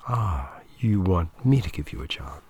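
A man reading the lines of a measured, formal older male tournament director in a story. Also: deep voice, sing-song, slightly rough, no room sound, full character voice. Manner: hushed, formal.

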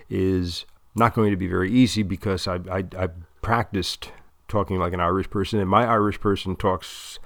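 A man's voice: sits low, no echo, clean studio sound. A man explaining a plan at length in a casual, rambling way with many restarts. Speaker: interviewer recording a monologue.

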